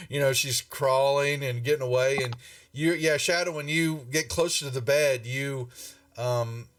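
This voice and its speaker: A man's voice: mid-range voice, fairly bright tone, no room sound, far from the mic. A man narrating a tabletop game as game master, rambling with many fillers and restarts.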